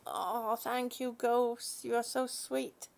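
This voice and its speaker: A woman hosting a relaxed live chat from her home, greeting viewers by name, yawning, laughing and often losing her train of thought. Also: on the high side, slow, vocal fry. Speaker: livestream host.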